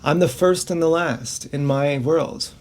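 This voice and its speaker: A man talks straight into his camera in a long, rambling monologue. He is frank and profane, and laughs often. His voice sits a little high, with faint noise behind it. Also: unhurried, a little mellow. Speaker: vlogger.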